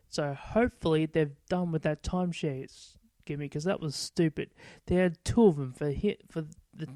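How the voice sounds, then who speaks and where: A man's voice: a little high, dark tone, dry recording. Blunt, opinionated male wrestling reviewer. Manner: blunt, opinionated, swears casually. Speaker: podcast host. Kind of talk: casual wrestling show review.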